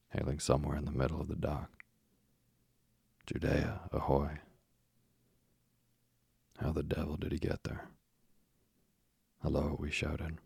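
A man with a deep gravelly voice, reading a story aloud slowly and softly for sleep. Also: dry recording, studio quality. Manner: soft, even, unhurried delivery. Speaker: narrator.

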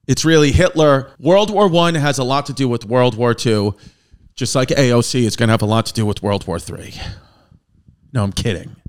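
A man hosting a comedic history lesson, joking and swearing, with sudden loud bursts. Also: medium pitch, fairly quick. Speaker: comedian host of a history show.

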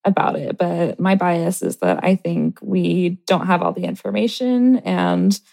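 A woman guest on an advice podcast, talking in a thoughtful, even way. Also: on the low side, a little slow, gravelly. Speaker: podcast guest, math tutor. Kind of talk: casual advice chat.

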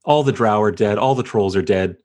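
A man speaks in character in a tabletop game, dry and matter-of-fact. His voice sits slightly low. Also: brisk, a little mellow. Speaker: player. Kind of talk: in-character tabletop role-play.

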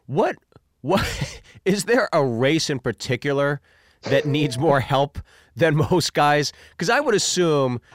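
A man in his forties hosting a podcast, asking quick, joking, teasing questions in casual chat. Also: a little high, big pitch swings, no room sound. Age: 40s. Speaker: podcast host.

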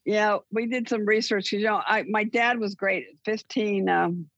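An older woman speaks as a guest, her gravelly, husky voice winding through stories with many restarts. The sound is dry and dull, like a lo-fi recording. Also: mid-range voice, normal speed, no room sound. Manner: rambling, with restarts and animated retellings. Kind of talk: casual interview storytelling.

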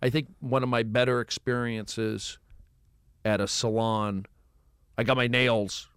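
A man's voice: medium pitch, unhurried, clean tone, no echo. A man co-hosting a podcast in casual chat, telling rambling stories with restarts. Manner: relaxed, rambling storytelling with restarts.

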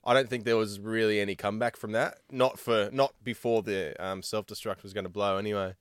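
A man's voice: fairly low pitch, steady tone, brisk, smooth, no room sound. A man chatting casually about a TV show, easygoing and thinking aloud. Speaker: podcast co-host. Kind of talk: casual chat.

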